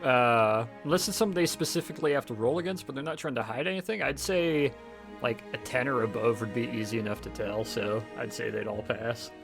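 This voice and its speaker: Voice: medium pitch, fairly quick, gravelly, over music. A player talking casually at a tabletop game, explaining things loosely.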